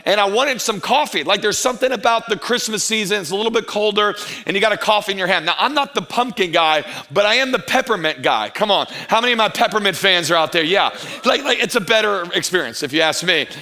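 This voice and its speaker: A middle-aged man preaching a sermon as a pastor, telling a funny story with acted-out dialogue, then slowing down to make his point. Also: sits high. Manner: animated, humorous, acts out dialogue, slows for emphasis.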